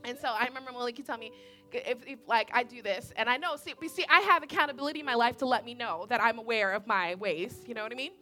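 A young woman preaching a sermon in an animated, conversational way, repeating her points and checking in with the audience. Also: fairly high pitch, quick pace, faint music behind.

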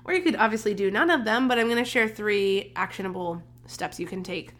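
A woman's voice: medium pitch, a little fast, fairly bright tone. A young adult woman hosting her own podcast, giving an upbeat, encouraging pep talk in a casual, chatty way, a little congested. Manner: upbeat, encouraging, chatty with many fillers and restarts. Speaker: podcast host, holistic nutritionist.

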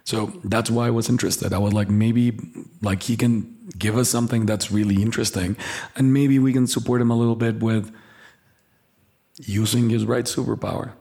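Low-voiced man chatting on a podcast. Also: normal speed, gravelly. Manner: animated storyteller, acts out quoted voices. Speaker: podcast co-host, personality trainer. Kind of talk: casual podcast chat.

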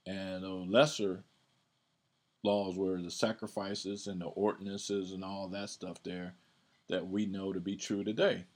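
A man's voice: low voice, little pitch movement, unhurried, a little mellow. A man hosting a podcast, teaching from the Bible in a casual, conversational way, often repeating words and reading verses aloud with emphasis.

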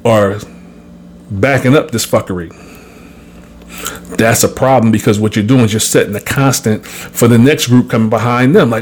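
A man hosting a podcast, talking in a casual, blunt and profane way as he tells an animated story and gives his views. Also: mid-range voice, moderate pace, long pauses. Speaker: podcast host.

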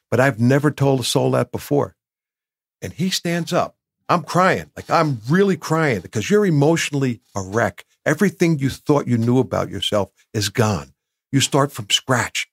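A man's voice: mid-range voice, vocal fry, slightly rough, dry recording, studio quality. A man in his sixties from New Jersey, a podcast guest telling candid personal stories with emotion and acting out what others said. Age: 60s. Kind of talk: candid storytelling.

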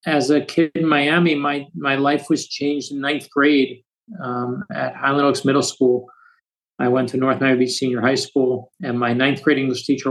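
Gravelly storytelling author. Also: male voice, mid-range voice, rough recording. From United States. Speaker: author guest. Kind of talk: storytelling interview.

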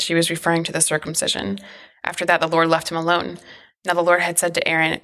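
A woman reads scripture aloud at a steady, measured pace. Her voice sits low and stays flat, with little rise or fall between lines. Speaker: scripture reader.

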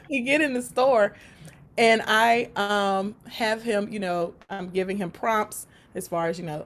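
A woman recounts a story from her work in a lively, animated way, laughing often and slipping into the voices of the people she describes. Her delivery is conversational and unscripted. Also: mid-range voice, measured pace. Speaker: guest; support worker for people with autism.

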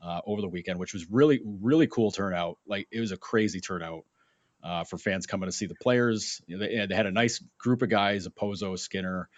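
A young man co-hosting a sports podcast, telling a story in a casual, animated way and acting out the voices in it. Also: deep voice, a little fast, no room sound. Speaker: podcast co-host. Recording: dull lo-fi sound, dry.

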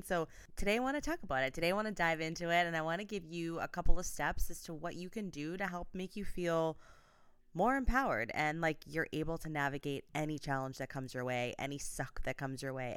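A woman's voice: low-pitched, smooth, no room sound, studio quality. A woman in her thirties hosting her own podcast, talking casually and upbeat with lots of fillers. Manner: chatty and upbeat, many "like" fillers. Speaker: podcast host, life coach. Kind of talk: casual solo podcast talk.

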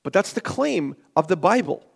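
Male pastor, very high voice, emphatic sermon delivery, long church hall reverb. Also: big pitch swings, moderate pace, gravelly, husky. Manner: emphatic, rhetorical questions, shifts between loud and hushed. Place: church sanctuary.

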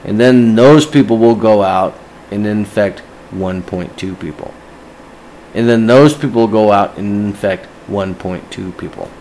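A man's voice: on the low side, a little slow, darkish tone, a little hiss or hum, low-quality recording. A man ranting casually to camera, agitated and swearing constantly.

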